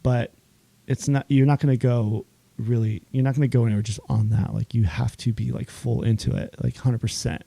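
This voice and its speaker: A chef, a man, spins a story on a podcast with a gravelly, warm and mellow voice. He acts out the other people's lines as he goes and laughs easily. The sound is dry, with no room in it. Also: medium pitch, fairly quick, hardly any pauses, dry recording. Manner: animated storyteller, acts out quoted dialogue, laughs often. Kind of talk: casual interview chat.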